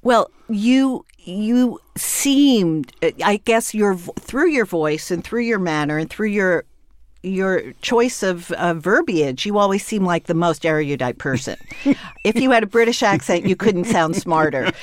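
A woman hosting a podcast interview, chatty and quick with asides, laughing easily. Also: mid-range voice, animated. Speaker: podcast host. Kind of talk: conversational interview.

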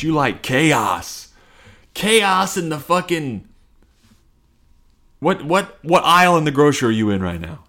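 A man hosting a casual solo podcast, rambling and swearing, interrupting himself as he talks. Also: fairly low pitch. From Cincinnati. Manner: rambling, profane, self-interrupting. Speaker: podcast host.

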